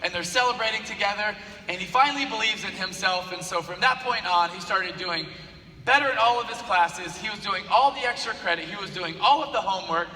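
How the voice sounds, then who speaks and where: This man's voice sits high and moves fairly quickly as he delivers a motivational speech. He tells his story with animation, leaning on repeated phrases for emphasis. The sound comes from a distance in an echoey hall with faint ambience.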